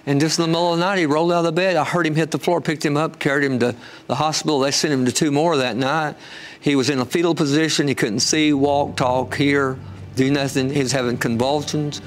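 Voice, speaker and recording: Fervent, high-voiced man telling a testimony. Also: quick pace, slight background noise. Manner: fervent, swings high when excited. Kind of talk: emotional storytelling.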